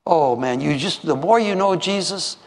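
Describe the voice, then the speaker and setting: A man's voice: a little high, moderate pace. A man from Minnesota preaching a storytelling sermon, acting out the voices of the people in his stories, with many restarts. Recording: echoey hall.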